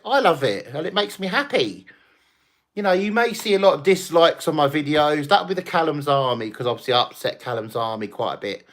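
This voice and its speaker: A man hosting a casual late-night livestream, rambling, swearing and laughing as he chats with viewers after a few drinks. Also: on the high side. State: tipsy from drinking. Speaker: livestream host.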